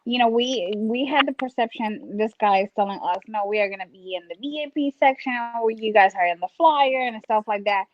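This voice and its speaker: High-voiced blunt woman from Philly. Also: brisk, few pauses, lo-fi sound. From Philadelphia area. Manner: blunt, swears, retells with quotes. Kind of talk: casual chat.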